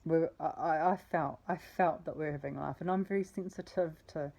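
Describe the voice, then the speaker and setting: A woman's voice: low-pitched, fairly even intonation, a little fast, vocal fry, dark tone, poor audio. A woman telling a personal story in a meandering way, often correcting herself and swearing casually. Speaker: vlogger.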